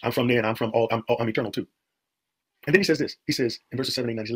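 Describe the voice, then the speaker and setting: Male preacher, rapid-fire sermon delivery, heavily husky voice, emphatic repetition and rhetorical questions. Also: medium pitch. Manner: emphatic, repeats phrases, rhetorical questions to the congregation.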